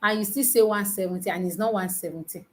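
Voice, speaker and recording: A woman tutoring nurses in a live online lesson, teasing her students and quizzing them with repeated questions, counting aloud slowly. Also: mid-range voice, a little mellow. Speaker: nursing exam tutor.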